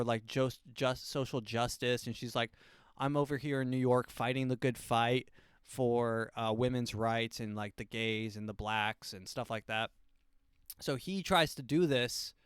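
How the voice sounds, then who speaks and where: A man's voice: medium pitch, clean tone, dry recording, studio quality. A man hosting a podcast, rambling through a casual book review and breaking into silly voices for quotes. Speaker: podcast host.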